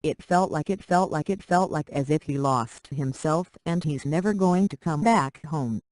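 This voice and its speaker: A reader narrating a short romance story aloud in a plain, steady way. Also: mid-range voice, normal speed, no echo, rough recording.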